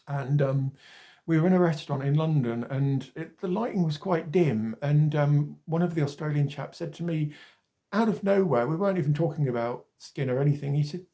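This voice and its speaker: Man, 40s, gravelly and mellow, casual chatty vlog delivery that wanders off topic. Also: fairly high pitch, moderate pace. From Wales. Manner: chatty and rambling, wanders off topic, mild swearing. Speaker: skincare vlogger. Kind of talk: casual talking-to-camera demonstration.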